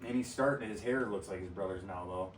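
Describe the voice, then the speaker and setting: A man's voice: deep voice, fast, a little hiss or hum. A man hosting a casual podcast, telling crude stories among friends and laughing often. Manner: profane, laughing storyteller. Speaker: podcast host. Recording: roomy sound from a distant mic.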